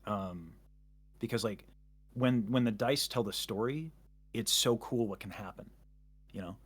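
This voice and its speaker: A man's voice: fairly low pitch, a little slow, husky. A man chatting casually as a guest, rambling and self-interrupting with jokes. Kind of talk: casual chat.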